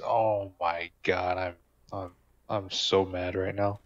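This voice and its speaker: A man's voice: low-pitched, a little slow, no echo, lo-fi sound. A man giving casual, joking gameplay commentary, swearing and talking back to game characters. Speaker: gamer.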